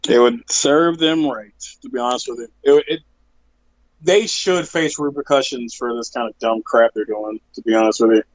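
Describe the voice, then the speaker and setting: A man chatting on a casual podcast, blunt and opinionated, circling back over his own words as he argues. His pitch sits in a middle range. The audio is dull and lo-fi. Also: normal speed. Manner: blunt, opinionated, repeats himself when heated. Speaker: podcast co-host. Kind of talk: casual wrestling podcast chat.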